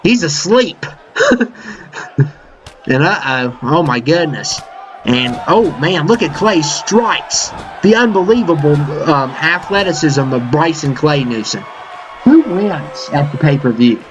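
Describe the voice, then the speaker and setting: A man doing casual, excitable play-by-play commentary over a wrestling video game, full of fillers and "uh-oh" exclamations. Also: fairly high pitch, takes it slowly, over music. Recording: dull lo-fi mic with game crowd and noise behind. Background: video game arena crowd noise.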